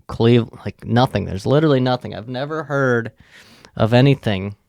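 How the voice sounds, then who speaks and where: A man's voice: medium pitch, normal speed, creaky, a little mellow, dry recording. A man hosting a podcast, telling a long, profane, rambling anecdote in a casual way. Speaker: podcast host. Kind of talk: casual storytelling.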